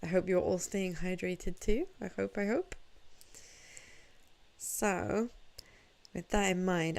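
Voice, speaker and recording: A woman's voice: lowish voice, slow, creaky, pauses often, darkish tone. A sleepy, groggy woman streaming a game from home, chatting playfully with viewers in a self-mocking way. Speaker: VTuber streamer. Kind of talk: casual live-stream chat while gaming.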